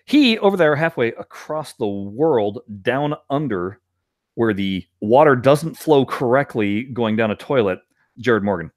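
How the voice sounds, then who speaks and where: A man's voice: mid-range voice, unhurried, no room sound, studio quality. A middle-aged man hosting a podcast in casual chat, talking with lots of fillers and frequent laughs. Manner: animated, laughs often, many fillers. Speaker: podcast host.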